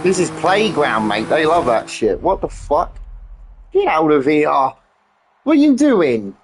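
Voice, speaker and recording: Streamer guy, lively up-and-down voice, mutters and curses when annoyed, faint background noise. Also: fairly high pitch, unhurried. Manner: swearing, easily irritated, talks to himself. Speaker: gaming streamer. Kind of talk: casual live-stream chat.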